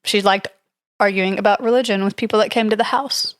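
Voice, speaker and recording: A podcast co-host casually retells a ghost story from her notes, constantly hedging with "like" and "I don't know." Her medium-pitched voice stays steady and a little fast, captured in a clean studio with no room sound.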